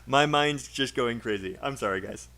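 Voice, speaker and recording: Man, British accent, livestream English teacher, slow chunked drills, repeats words, desk mic. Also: mid-range voice, sharp tone. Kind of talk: livestream speaking lesson.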